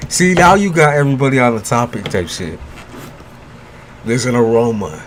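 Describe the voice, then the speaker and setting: A man's voice: medium pitch, very animated, normal speed, a little hiss or hum. A man giving a tarot reading on a livestream in casual chat with viewers, loose, joking and profane, blunt with his advice and laughing often. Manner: blunt, gives frank advice.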